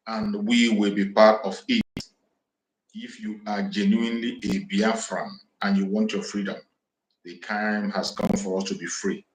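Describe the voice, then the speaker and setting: A man from southeastern Nigeria, making fiery, repetitive, defiant declarations as he hosts an impassioned livestream address on a home microphone. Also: lowish voice. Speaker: activist livestream host. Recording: echoey room.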